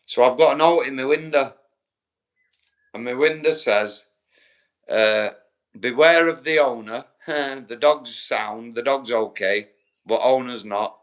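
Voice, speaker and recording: A Yorkshire man in his forties chats on a live stream, rambling through stories laced with swearing. His mid-range voice moves slowly, with frequent pauses.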